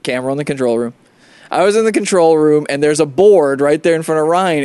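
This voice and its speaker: A man's voice: a little high, quick pace, darkish tone, clean tone, no room sound. A man with a somewhat raised voice plays up mock outrage in casual podcast banter. He builds absurd comic bits. The recording is dry and close. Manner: incredulous, riffs on absurd bits. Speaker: comedy podcast regular.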